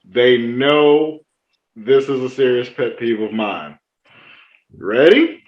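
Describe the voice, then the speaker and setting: A man on a podcast telling stories in an animated, joking way. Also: takes it slowly, reverberant, dull audio. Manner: animated, acts out opponents in high mocking voices. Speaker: podcast guest. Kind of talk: casual chat, storytelling.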